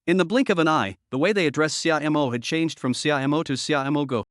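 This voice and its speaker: A man reading a scripted story recap in an even, steady way. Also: fairly high pitch, brisk, few pauses, dry recording, clean studio sound. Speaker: narrator.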